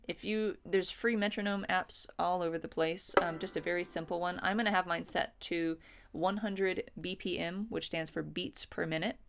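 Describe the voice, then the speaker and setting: A woman's voice: fairly low pitch, clean tone. A woman teaching a music lesson, patiently explaining and counting beats aloud, often checking in with the listener. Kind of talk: instructional lesson.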